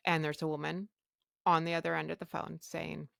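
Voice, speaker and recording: A woman with a lowish, gravelly voice hosts her own podcast. She tells her story candidly and bluntly, playing out each exchange of dialogue. The sound is dry and close, with no room around her. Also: little pitch movement, brisk, fairly bright tone, no room sound. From Canada. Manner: blunt, frank, acts out quoted dialogue. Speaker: podcast host.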